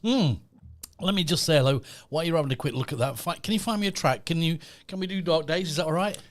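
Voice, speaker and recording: A man's voice: on the high side, fast, no room sound, studio quality. Chatty man hosting a live podcast. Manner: chatty, reads out messages and greets viewers. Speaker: podcast host. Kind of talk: casual live-stream chat. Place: podcast studio.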